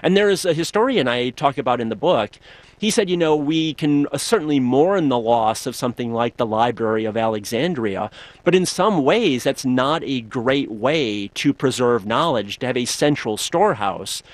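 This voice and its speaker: A man's voice: mid-range voice, expressive, moderate pace, no room sound. A man being interviewed as an author, explaining his ideas thoughtfully. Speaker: author and guest. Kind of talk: radio interview.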